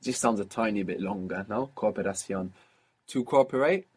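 A man's voice: fairly low pitch, normal speed, breathy edge. A man teaching a language lesson, patiently prompting and explaining.

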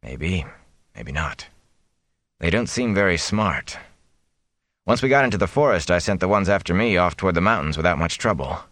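A weary, wounded farmer father talks in a hushed, tired murmur, as a man reading a storybook puts him on. His voice sits very deep and dry, as if close to the mic in a quiet space. He stays steady and calm despite his injury. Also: normal speed, long pauses, no room sound.

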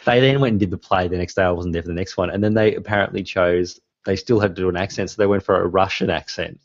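Deep-voiced man rambling. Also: fairly even intonation, fast talker, no room sound. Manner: rambling storyteller, laughs often. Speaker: podcast host. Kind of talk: casual chat. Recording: dry, dull lo-fi sound.

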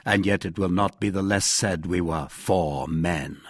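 Man reading a calm noble musketeer, husky, measured. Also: low voice, no room sound, clean studio sound, pitched below the performer's own voice. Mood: grave.

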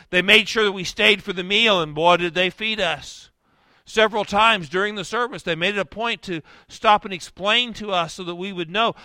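A man with a high, bright, forceful voice delivers a sermon as a pastor. He tells the story with feeling, dropping to a hush and then rising to loud outbursts. The sound is dry and close. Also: no echo. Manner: storytelling, swings from hushed to shouting.

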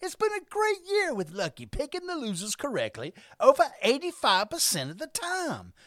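Slow, sing-song woman sports host. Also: high-pitched, huge pitch swings, no room sound, studio quality. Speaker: podcast host. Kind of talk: scripted sports picks narration.

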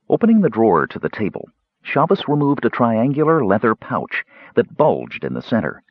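A man narrating a fantasy audiobook in a measured, expressive storytelling manner. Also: lowish voice, breathy edge, dry recording, highs cut off.

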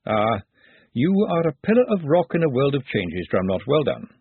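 A man voicing a calm, dry-witted male city ruler who speaks in a measured, wry way. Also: mid-range voice, slightly rough, voice pushed up. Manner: measured, wry, drily amused. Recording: dry, phone-like narrow sound.

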